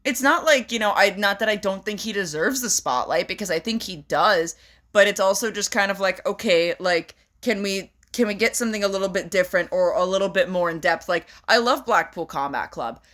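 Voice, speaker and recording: A woman's voice: medium pitch, a bit bright. A young woman co-hosting a casual podcast, talking in emphatic, profane bursts. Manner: emphatic, profane, rapid rants. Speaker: podcast co-host. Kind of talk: casual chat about wrestling.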